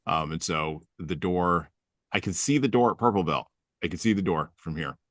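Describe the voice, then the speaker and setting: A man's voice: deep voice, animated, normal speed, a bit bright, no room sound, studio quality. A man hosting a podcast, chatting casually and telling humorous stories with self-deprecating jokes. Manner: humorous storytelling. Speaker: podcast host. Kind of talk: casual conversation.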